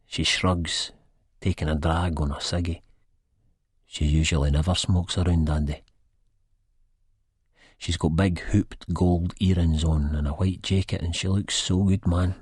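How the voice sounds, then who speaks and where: A Scottish man with an Edinburgh accent narrates an audiobook in rambling, slangy first person. His voice sits very low and sounds husky. The recording is dry and close, with no room around it. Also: steady tone, unhurried, long pauses, a little mellow, no echo. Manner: rambling, slangy storyteller with a wistful edge.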